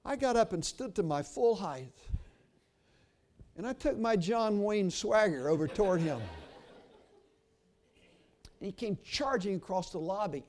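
An older man preaching a sermon, telling a story and then praying, earnest and swinging from hushed to emphatic. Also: sits high.

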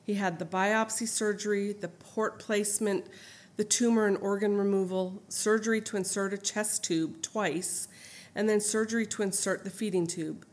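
A middle-aged woman reading her own memoir aloud in an earnest, heartfelt, steady way. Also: mid-range voice, moderate pace. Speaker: memoir narrator.

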